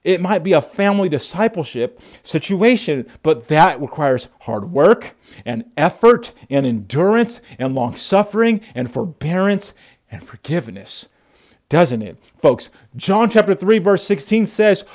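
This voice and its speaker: A man's voice: high voice, lively intonation, normal speed, darkish tone. A male pastor preaching a sermon in an earnest, emphatic manner, often calling his listeners "folks".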